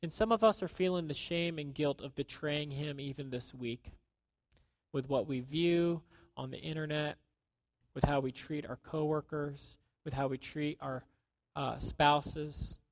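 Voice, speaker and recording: A man preaching a sermon in a conversational way, acting out quotes and dropping to a hushed tone at times. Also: fairly high pitch, measured pace, dry recording. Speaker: pastor.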